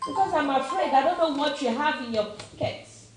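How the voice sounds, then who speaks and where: Nigerian woman, middle-aged, Nigerian accent, emphatic impassioned talk, fairly high voice, heavy room echo. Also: quick pace, hardly any pauses. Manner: emphatic, repeats questions, slips into Yoruba phrases. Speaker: commentator. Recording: very echoey room, faint noise.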